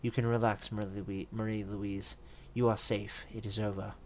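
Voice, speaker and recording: Man voicing an icy patriarch: low, formal, clipped commands. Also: normal speed, a little hiss or hum, lightly acted. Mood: soothing. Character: cold, stern wealthy older father.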